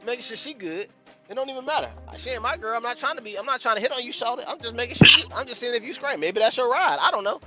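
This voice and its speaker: A man hosting a casual podcast chat, telling a profane, animated story with loud outbursts. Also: very high-pitched, rapid-fire, dull audio, over loud music. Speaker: podcast host.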